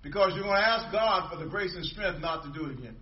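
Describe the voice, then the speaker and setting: Male pastor, sermon delivery, emphatic with repetition, a touch high-pitched, lo-fi room recording. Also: expressive, fast, echoey room, recorded from a distance. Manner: emphatic preaching with repetition and call-and-response.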